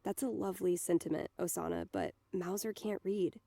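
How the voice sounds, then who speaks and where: Woman reading a teasing young guy, dry humor, low gravelly voice, no room sound. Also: a little fast, dark tone, no echo, natural voice.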